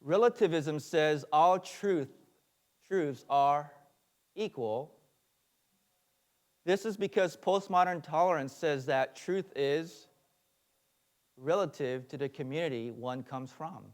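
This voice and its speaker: A man's voice: fairly high pitch, slow pace, long pauses. Earnest man teaching a sermon. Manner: earnest lecturing with fillers and asides. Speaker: pastor.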